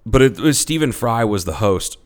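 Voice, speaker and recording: Swearing, joking man, low voice. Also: animated, moderate pace. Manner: crude, joking, swears a lot. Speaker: podcast co-host. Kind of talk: casual chat.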